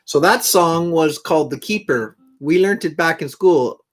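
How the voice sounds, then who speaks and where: Slow-talking, easygoing man chatting live. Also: a little high, loud music behind the voice. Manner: rambling, folksy, easygoing. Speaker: live stream host and guitar player. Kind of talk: casual chat to live viewers between songs.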